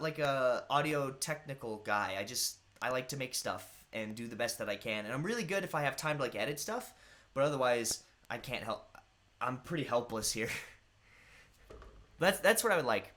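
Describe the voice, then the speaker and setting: A man's voice: medium pitch, bright, forceful tone. A young man hosting a live stream, chatting casually and greeting viewers by name in a rambling way. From United States.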